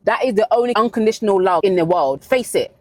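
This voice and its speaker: A woman's voice: mid-range voice, lively intonation, fast, a little mellow, dry recording. A woman giving blunt dating advice in a vlog monologue, stressing her points and repeating them for emphasis.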